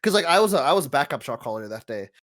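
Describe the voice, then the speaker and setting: A young man with a somewhat high voice co-hosts a casual gaming podcast. He talks in an excitable, profane rush, laughing often as his stories build. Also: rapid-fire. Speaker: podcast co-host.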